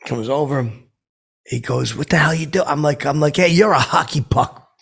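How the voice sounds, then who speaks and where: A man plays a boastful, clueless, washed-up stand-up comic in a heavily acted, improvised monologue, using a deeply gravelly, husky voice with a fairly bright tone at a moderate pace. Telling a story, he rambles, stumbles over words, and quotes his own lame jokes, his loose talk full of fillers.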